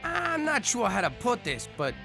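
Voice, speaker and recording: Brash cartoon ex-mobster, gravelly and lively. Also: male voice, very high-pitched, moderate pace, music in the background, heavily acted. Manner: gravelly, excitable. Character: brash former mob boss, middle-aged man. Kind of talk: adult cartoon voice acting.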